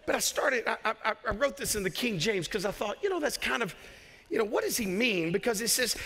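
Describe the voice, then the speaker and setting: A man's voice: high-pitched, lively intonation, normal speed, pauses often, bright, forceful tone. A male pastor with a Southern US accent preaching an impassioned sermon, with joking asides and bursts of raised voice. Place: church sanctuary. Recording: long church hall reverb.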